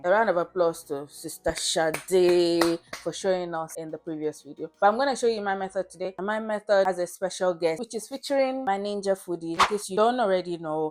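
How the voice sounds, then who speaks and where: A Nigerian woman with a slightly low voice chats her way through a home cooking vlog, playful and quick to laugh. She talks casually from her own kitchen while faint music plays in the background. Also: darkish tone. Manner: chatty, playful, laughs often. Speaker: host.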